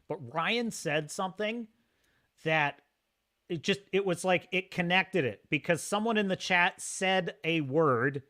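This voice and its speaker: A man hosts a casual livestream, rambling and reading chat messages aloud. His voice sits a little high, bright and forceful. He gets excitable and talks in quick bursts. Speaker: livestream host.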